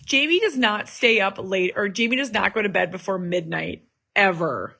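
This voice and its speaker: A woman's voice: mid-range voice, lively intonation, moderate pace, creaky, sharp tone. A woman in her thirties chatting at home in a rambling family vlog, full of fillers and asides. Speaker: vlogger, mother of an autistic son. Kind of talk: casual family vlog chat. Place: home in the evening.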